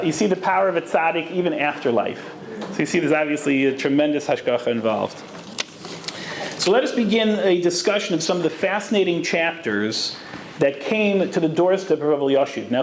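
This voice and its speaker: Man lecturing in an echoey room. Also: a little high. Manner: storytelling, Hebrew terms woven in. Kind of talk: lecture on Jewish law. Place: lecture hall with audience. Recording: echoey room, faint background noise.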